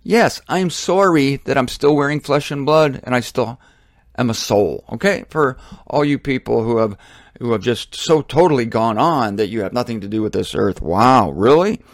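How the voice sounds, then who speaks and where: A middle-aged American man speaks about faith in a blunt, fervent monologue, with a plain middle pitch. He pushes up into emphatic bursts when he makes a point. The recording is dry and close, with no room sound. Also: moderate pace, no room sound. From Ohio, United States. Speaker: Christian teacher.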